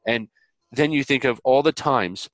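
A man as an interview guest, talking earnestly and animatedly, with lively quoted voices and preacher-like biblical illustrations. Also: mid-range voice, measured pace, no echo. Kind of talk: conversational interview.

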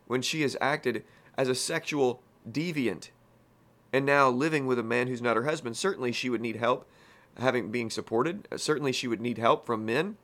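A man's voice: medium pitch, fairly bright tone. A man teaching through a Bible passage in a plain-spoken, folksy way, full of casual asides. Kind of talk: conversational Bible teaching podcast.

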